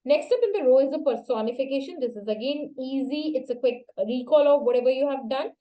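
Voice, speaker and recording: A woman's voice: high voice, fast, warm tone, poor audio. A woman with an Indian English accent teaching an exam-prep lesson, checking in often with "okay?" and "right?". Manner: conversational, asks rhetorical checks like "okay?" and "right?". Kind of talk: online exam-prep lecture.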